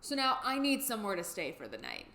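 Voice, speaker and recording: Young woman, vlogger, bright clear voice, candid rambling storytelling, roomy echo. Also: mid-range voice, wildly swooping pitch, quick pace. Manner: candid, rambling, emotional retelling. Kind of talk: casual storytime vlog. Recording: echoey room.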